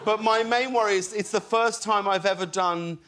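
A British man in his forties, a talk show guest telling stories in halting, animated bursts and acting out quotes. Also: high voice, very noisy. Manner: animated, halting storyteller who acts out quotes.

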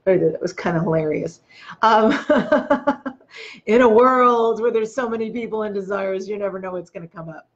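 A woman's voice: mid-range voice, moderate pace, highs cut off. Earnest woman coaching through feelings. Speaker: host. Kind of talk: spiritual self-help talk to camera. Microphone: webcam or phone video.

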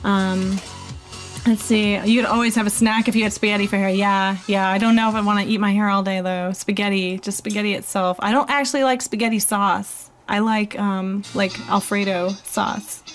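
A woman's voice: medium pitch, steady tone, normal speed, faint music behind. A woman hosting a live stream, chatting casually and reading out viewer comments in a bubbly, rambling way. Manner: chatty and bubbly, thinks aloud with many fillers.

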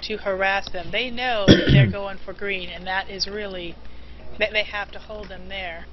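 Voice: medium pitch, normal speed. Eager play-by-play co-caster, mid-range voice, lo-fi live-stream sound. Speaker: co-commentator. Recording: lo-fi live stream with faint hiss.

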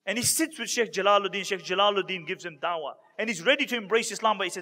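A man's voice: high voice, quick pace, sharp tone. A man preaching a storytelling sermon to a live audience, acting out the words of the people in his stories. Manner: dramatic storyteller acting out quoted speakers. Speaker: Islamic preacher. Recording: long hall reverb.

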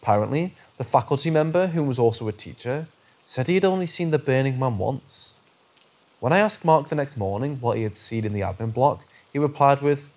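A man reading true paranormal stories aloud in a steady, measured narration that slows on eerie phrases. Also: mid-range voice. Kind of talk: scripted narration.

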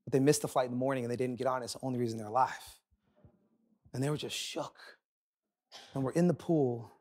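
A man preaching a sermon as a pastor, telling a personal story with animated, self-deprecating humor and quick asides. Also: mid-range voice. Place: large church auditorium.

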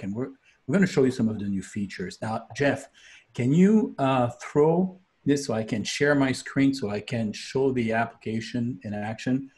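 A man guest on a video call, upbeat and excitable, chatting casually. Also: mid-range voice. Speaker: guest, app developer.

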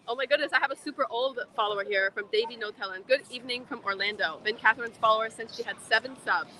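Chatty young American woman, bright voice. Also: fairly high pitch, fast talker, slight background noise, rough recording. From Northern Virginia, USA. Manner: chatty, laughs often, reads viewer comments aloud. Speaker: livestream co-host. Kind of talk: casual livestream chat. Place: city street outdoors. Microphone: phone camera on a livestream.

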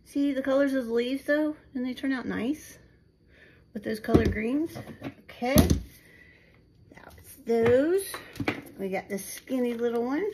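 A woman's voice: a little high, slow, pauses often, noisy background. Chatty woman crafting at home. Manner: chatty, self-deprecating, talks to viewers while working. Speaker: resin craft video maker. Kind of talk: casual crafting vlog. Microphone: phone camera.

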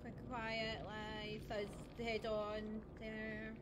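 High-voiced woman streamer. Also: completely flat delivery, slow, heavy background noise. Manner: chatty, laughs often, scattered. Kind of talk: casual live-stream chat while gaming.

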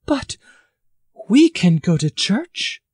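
A male audiobook reader voicing a timid young farmer's daughter who questions her father softly. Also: sits high, sing-song, takes it slowly, slightly rough, no echo, studio quality, pitched above the performer's own voice, heavily acted. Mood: timid pleading.

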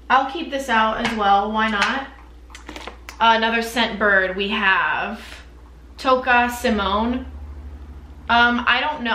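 A young woman rambles candidly through her perfume collection, leaning on fillers as she goes. Her voice is bright and sits a little high. The room around her sounds echoey. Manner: chatty, candid, lots of fillers. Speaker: beauty vlogger. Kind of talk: casual chat.

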